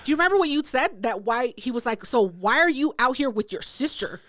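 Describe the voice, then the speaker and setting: A young woman co-hosting a podcast, telling a story in casual chat, profane and animated, acting out what people said. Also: fairly high pitch, fairly quick, no echo, studio quality. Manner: animated, profane, acts out quotes. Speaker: podcast co-host.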